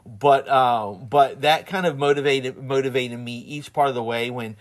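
A man's voice: medium pitch, normal speed. A man with a Southern twang in casual chat, rambling with many restarts and laughing often as he tells stories. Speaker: husband and father.

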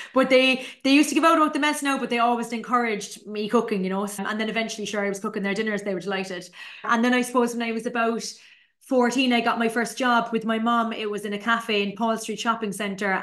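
A woman's voice: medium pitch, a bit bright. Chatty woman telling stories. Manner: chatty and conversational, with colloquial asides. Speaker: podcast host, chef and business owner. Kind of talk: casual storytelling.

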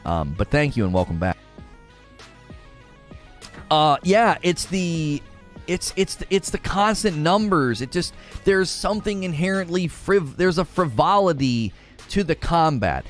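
A man hosting a casual gaming live stream, jokey and animated, with loud bursts and quiet mutters. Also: on the high side, unhurried, faint music behind.

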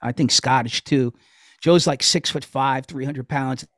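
A man's voice: mid-range voice, unhurried, a bit bright, dry recording, clean studio sound. A man co-hosting a casual chat podcast, telling rambling stories with plenty of swearing. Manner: rambling storyteller, swears freely. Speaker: podcast co-host.

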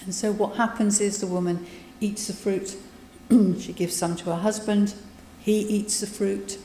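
A woman's voice: mid-range voice, fairly even intonation, a little slow, mellow, a little hiss or hum. A woman giving a conversational sermon, retelling scripture with asides. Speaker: preacher. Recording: echoey hall, voice from a distance.

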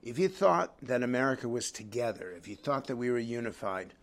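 A middle-aged man hosting a focus group. He is calm and earnest when narrating and turns loud and scolding when he steps in. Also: medium pitch, a little fast. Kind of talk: moderating a heated group discussion.

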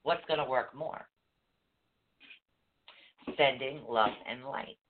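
A man teaching meditation in casual chat, animated and emphatic, repeating key phrases. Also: medium pitch, slow. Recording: tinny phone-like line.

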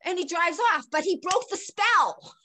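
An older woman telling a personal story in conversation, animated and laughing often, swinging between excited and hushed. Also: very high-pitched, measured pace, a little hiss or hum. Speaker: guest.

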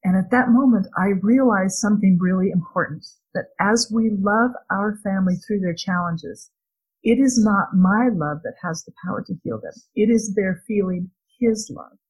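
Husky-voiced, earnest middle-aged woman. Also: mid-range voice, normal speed, rough recording. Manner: earnest and gentle, with small laughs and restarts. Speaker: speaker sharing a faith-based parenting talk. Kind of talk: heartfelt devotional talk.

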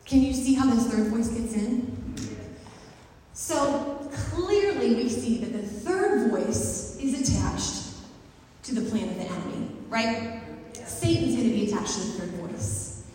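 A woman pastor giving a sermon in a conversational, lively way, laughing and acting out little asides. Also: a little high, a little slow, slight background noise. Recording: very echoey hall, mic far off, faint ambience.

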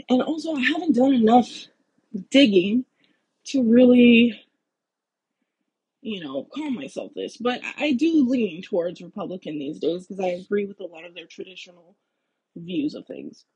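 A woman's voice: mid-range voice, warm tone, husky, rough recording. A woman vlogger giving a heated, blunt political rant full of swearing. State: out of breath.

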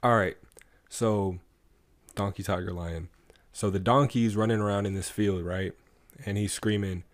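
A podcast co-host with a very low, deep voice, chatting easily with a friend. He slips into storytelling and draws a plain moral from it. His delivery is relaxed and unhurried. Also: no echo, clean studio sound. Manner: relaxed, moralizing, tells fables. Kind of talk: casual chat, storytelling.

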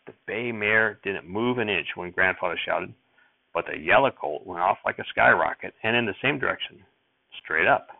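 Steady first-person storytelling comes from a man with a low, gravelly voice reading an audiobook chapter. His recording has no room sound but a tinny, phone-like quality.

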